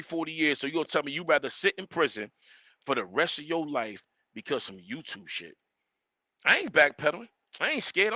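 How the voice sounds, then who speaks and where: Hosting a live stream, a man rants animatedly and emphatically, repeating his points. His voice sits high, and there's no echo.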